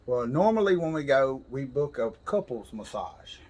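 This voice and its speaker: A man's voice: medium pitch, big pitch swings, normal speed, darkish tone. Laid-back man telling a story. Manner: laid-back drawl, laughs while telling. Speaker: podcast co-host. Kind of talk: casual storytelling over whiskey.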